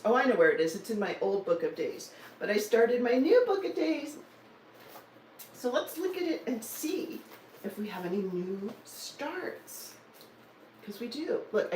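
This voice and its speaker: A woman's voice: medium pitch, darkish tone, slight background noise. Woman in her sixties, casual live-stream chat, teasing and laughing, echoey room, a little off-mic. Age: 60s. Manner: chatty, teasing, laughs often. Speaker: cross-stitch vlogger. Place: home in Denver. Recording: roomy, slightly distant mic with faint ambience.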